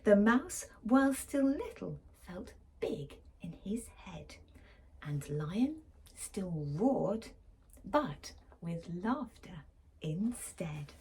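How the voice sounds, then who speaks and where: A woman teacher reading a picture book aloud to children, often whispering and pausing to ask the listeners questions. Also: mid-range voice, big pitch swings, warm tone, breathy edge.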